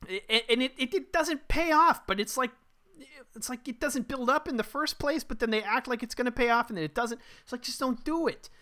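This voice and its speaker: A man's voice: very high voice, a little fast, sharp tone. A man co-hosting a casual movie review podcast, ranting bluntly and profanely. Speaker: podcast co-host.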